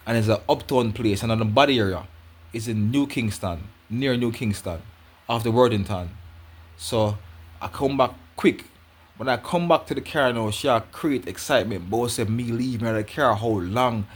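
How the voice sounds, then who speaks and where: A man's voice: fairly low pitch, breathy edge. A man with a Jamaican accent telling a personal story in patois, rambling and repeating himself as he goes.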